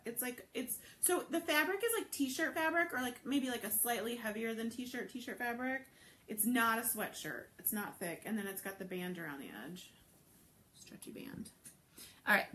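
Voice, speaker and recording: A woman's voice: fairly high pitch, fairly bright tone, slight background noise. A woman hosting a live cooking stream, chatting with viewers and gushing over the food as she cooks. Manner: chatty, answers viewer comments while cooking. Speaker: cooking show host. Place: home kitchen.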